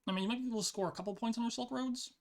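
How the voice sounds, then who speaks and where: Gravelly mid-range voice, vocal fry, casual gameplay commentary, thinking out loud, lots of "like", desk mic. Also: medium pitch, very fast. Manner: thinks aloud, frequent "like" fillers. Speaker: player narrating own online card game match.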